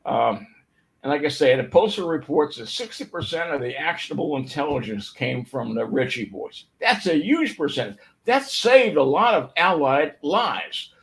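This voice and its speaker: An older man speaks in a voice a little higher than most men. He tells his stories loosely, circling back with restarts and fillers. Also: very animated, moderate pace, vocal fry, fairly bright tone, low-quality recording. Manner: storytelling, rambling with fillers and restarts. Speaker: speaker giving a history talk. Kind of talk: informal history talk.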